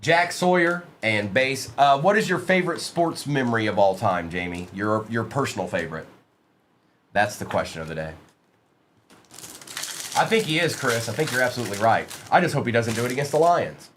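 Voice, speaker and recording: A man hosts a live sports card break, reading out player names from the pulls and chatting casually with viewers in the stream chat. His mid-range voice has lively intonation, a moderate pace, and a slightly bright tone, with slight background noise.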